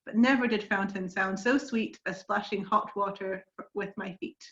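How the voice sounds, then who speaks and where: A woman reading a song from a book aloud on a video call, gentle and slightly hesitant. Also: mid-range voice, steady tone, normal speed. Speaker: reader. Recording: dull, roomy video call audio.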